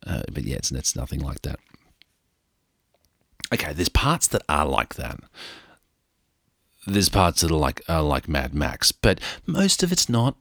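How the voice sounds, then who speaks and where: A man's voice: extremely low pitch, animated, unhurried, gravelly, pauses often, a bit bright, slightly rough, no room sound, clean studio sound. A middle-aged man with an Australian accent tells a rambling travel story in a casual monologue, joking at his own expense. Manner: rambling, joking, self-mocking.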